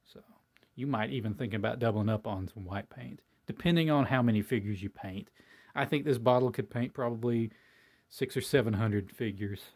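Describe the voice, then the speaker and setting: A man's voice: mid-range voice, moderate pace, darkish tone. A man hosting his own hobby channel, talking casually and ramblingly with lots of fillers, in a folksy, self-deprecating way. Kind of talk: casual talk to camera.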